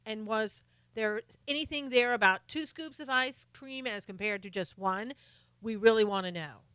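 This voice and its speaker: A woman's voice: fairly high pitch, normal speed, a bit bright, clean tone. A middle-aged woman hosting a live stream, chatting casually and sarcastically about politics while greeting viewers by name.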